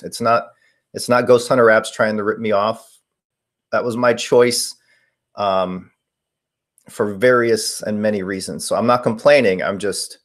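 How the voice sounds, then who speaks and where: A man in his forties hosting a casual live stream, answering viewer questions in a rambling way with many fillers. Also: lowish voice. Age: 40s. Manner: rambling, reading chat questions aloud with fillers. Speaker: paranormal live-stream host.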